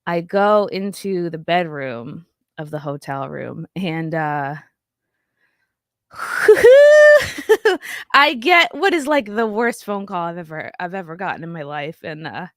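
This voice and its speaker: A woman comedian telling fans a personal story, halting and emotional, choked up and near tears, swearing and restarting as she goes. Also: fairly low pitch, expressive, fairly bright tone, no room sound, clean studio sound.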